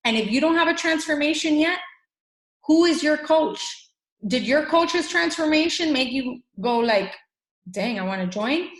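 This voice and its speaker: A woman in her thirties giving an animated motivational coaching talk, acting out little bits of dialogue. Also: high-pitched, moderate pace. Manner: animated, acts out quoted dialogue. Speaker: fitness coach team leader. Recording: roomy echo.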